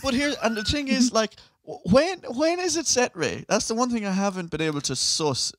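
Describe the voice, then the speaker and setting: A man's voice: very high-pitched, animated, moderate pace, no echo, clean studio sound. An Irish man co-hosting a podcast, chatting casually with swearing and laughter. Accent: Irish, west of Ireland. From Ireland. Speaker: podcast co-host. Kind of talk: casual chat.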